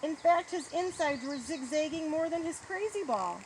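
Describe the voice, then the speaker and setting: A woman reading a children's story aloud in an expressive storybook tone. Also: sits high, normal speed. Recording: noisy outdoor recording.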